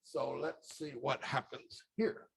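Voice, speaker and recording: Slow husky older man lecturing. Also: medium pitch, expressive. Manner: wry, conversational lecturing. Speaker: guest speaker. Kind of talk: presentation talk.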